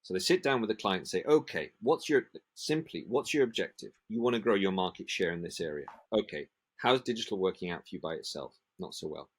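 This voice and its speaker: A man from the UK with a fairly low voice speaks in a podcast interview. He talks with passion about his trade and slips into lively acted-out dialogues as he goes. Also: quick pace, few pauses. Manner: passionate, acts out sales dialogues in animated voices. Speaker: print industry association manager.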